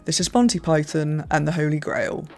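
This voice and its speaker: A man's voice: fairly high pitch, moderate pace, over music. Rambling British man chatting to camera. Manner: rambling, self-deprecating, full of hedges and restarts. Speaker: reaction video host. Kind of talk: casual chat to camera.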